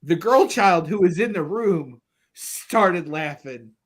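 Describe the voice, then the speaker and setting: A man in his thirties co-hosting a casual podcast, telling family stories in an animated way and laughing through them. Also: high-pitched, slow pace. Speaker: podcast co-host. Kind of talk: casual chat.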